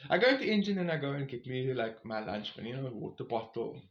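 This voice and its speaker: A man's voice: medium pitch, very animated, quick pace. A man, rambling through a casual storytime recap of his long walk with lots of fillers and asides. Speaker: vlogger on a long-distance walk. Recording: roomy, slightly dull recording.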